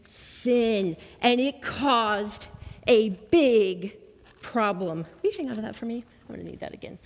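Woman leading a children's message; coaxing, question-asking, a bit high-pitched, with a reverberant sanctuary sound. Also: a little hiss or hum. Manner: lively, coaxing, encouraging, asks questions. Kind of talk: children's sermon with questions to kids. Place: church sanctuary.

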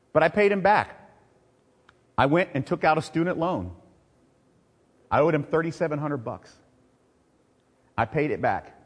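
A middle-aged male pastor preaching a sermon, swinging from loud, emphatic preaching to quiet, personal storytelling. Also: fairly high pitch, lively intonation, a little fast, pauses often, slightly rough. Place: church sanctuary. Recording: long reverb of a large hall.

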